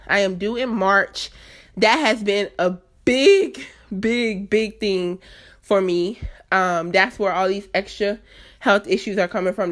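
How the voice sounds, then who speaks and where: A woman in her late twenties with a mid-range voice talks on her own podcast. She speaks earnestly and emphatically, chatty and unscripted, often turning to address her listeners directly. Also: medium pitch. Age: late 20s. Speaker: podcast host. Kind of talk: candid solo podcast talk.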